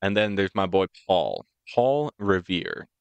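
A man's voice: low-pitched, lively intonation, unhurried, creaky, clean tone, no room sound, muffled recording. A young man from the United States co-hosting a podcast, telling history in a rambling, joking way. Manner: rambling, joking, puts on voices for quotes. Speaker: podcast co-host. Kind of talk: casual chat, storytelling.

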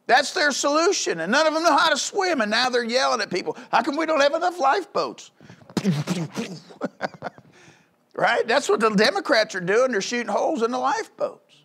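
Male pastor, high voice, fiery pulpit delivery with lots of call-and-response. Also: very animated, normal speed, a little hiss or hum. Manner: emphatic preaching with frequent call-outs for agreement; swings between low rumbling asides and loud high outbursts. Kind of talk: fiery sermon.

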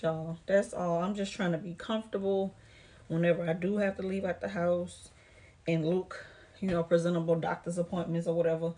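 A woman from the United States talks through a casual try-on haul vlog, a little out of breath as she goes. Her voice sits low for a woman. She chats straight at her viewers and calls them "y'all" and "girl.". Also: flat delivery, normal speed, dark tone. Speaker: vlogger.

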